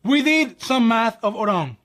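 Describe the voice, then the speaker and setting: A man's voice: very high voice, lively intonation, moderate pace, a bit bright. A young man, a ballet dancer from New York, chatting casually and animatedly, acting out dialogue and calling viewers "my people". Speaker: ballet dancer and channel host. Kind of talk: casual chat.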